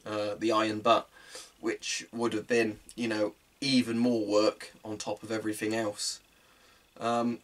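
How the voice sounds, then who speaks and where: Man, lowish voice, casual show-and-tell vlog, rambling, lots of ums, indoors at home. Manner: rambling, chatty explaining with many ums. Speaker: hobbyist weapon maker. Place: indoors at home, low-ceilinged room.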